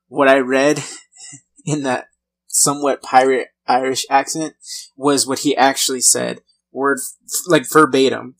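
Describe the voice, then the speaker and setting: A man narrates a true-crime history in a relaxed, conversational read at a mid-range pitch. He stumbles now and then and corrects himself, keeping an informal, unpolished delivery. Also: slightly rough, rough recording. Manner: conversational reading with light laughs and small restarts.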